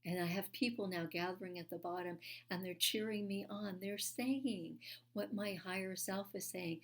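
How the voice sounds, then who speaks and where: Woman, sermon speaker, mid-range voice; earnest storyteller with fillers, slips into hushed tones. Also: medium pitch, moderate pace. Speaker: speaker at a spiritual church.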